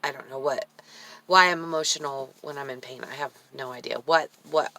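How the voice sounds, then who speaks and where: A woman's voice: very deep voice, steady tone, brisk, pushed and bright, no echo. A woman vlogging in a chatty, emotional, rambling way, her throat dry and her voice cracking in and out. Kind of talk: casual personal vlog.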